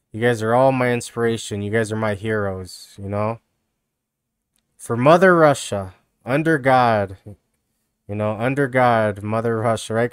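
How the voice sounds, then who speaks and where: A man's voice: medium pitch, smooth, no room sound, clean studio sound. A man live-streaming casual reaction commentary, rambling and mocking, with lots of "you know" and "dude".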